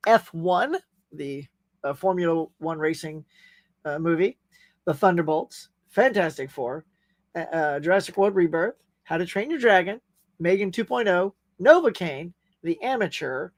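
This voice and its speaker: Here the host is a man whose high, expressive voice moves at a measured pace as he answers viewers on a casual live chat show. He's chatty and friendly, wandering off on tangents with frequent fillers and laughs. There's no room sound at all.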